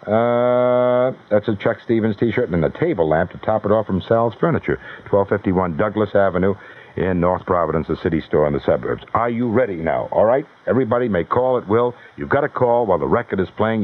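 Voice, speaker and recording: A man hosting a live radio call-in contest, brisk and wisecracking as he fields callers one after another. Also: lowish voice, animated. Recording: tinny, narrowband old radio broadcast.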